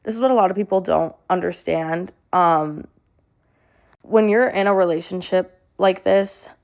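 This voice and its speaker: Low, gravelly monotone young woman. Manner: monotone, flat delivery; halting, with many fillers and restarts. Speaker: social media creator. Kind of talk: personal storytelling to camera.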